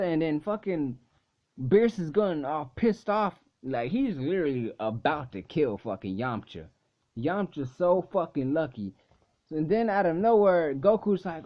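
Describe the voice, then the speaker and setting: A man's voice: fairly high pitch, animated, normal speed. A young man casually recapping an anime episode in a rambling way, full of swearing and filler words. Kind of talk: casual video review recap. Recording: dull lo-fi recording.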